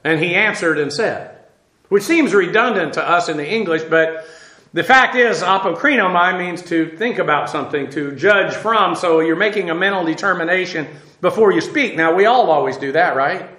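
Man, informal Bible teacher, slightly high voice, echoey room. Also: moderate pace, bright, forceful tone. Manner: informal, many fillers, spells out Hebrew words. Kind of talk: verse-by-verse Bible lesson.

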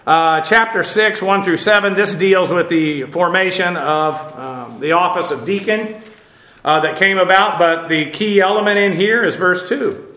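A man's voice: high voice, unhurried, bright, forceful tone, echoey room, poor audio. A man teaching an informal Bible class in a conversational way, with many fillers and dry asides.

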